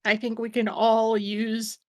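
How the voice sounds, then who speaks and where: A woman's voice: a little high, monotone, slow pace, darkish tone. A woman playing a tabletop game, chatty and giggly with the group. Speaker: player. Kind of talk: casual chat at a tabletop game.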